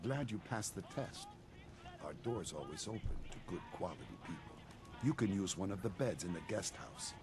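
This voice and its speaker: An actor playing a smooth-talking male town leader in a video game, folksy and welcoming. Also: low-pitched, animated, normal speed, music in the background.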